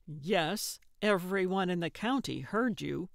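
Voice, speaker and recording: An exasperated, sarcastic male sidekick in a cozy mystery audiobook, voiced by a woman narrator. He speaks slowly and dryly, with a weary, gravelly edge. The sound is close and dry. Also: fairly low pitch, expressive, no echo, exaggerated voice. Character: exasperated dry-witted younger man sidekick. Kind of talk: audiobook character voice.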